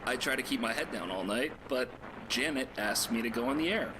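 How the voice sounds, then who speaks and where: An actor gives voice to a jittery young man in a game, his words calm and subdued even as he admits his panic. The line sits in a middle pitch, and clear noise runs beneath his speech in the game audio. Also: fairly quick, close to an everyday voice. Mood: anxious. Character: anxious young man, nervous and self-doubting. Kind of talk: scripted game voice acting.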